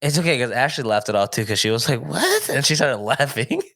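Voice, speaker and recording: A man co-hosting a podcast in casual chat, easygoing and agreeable, quick to laugh. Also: mid-range voice, noisy background. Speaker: podcast co-host.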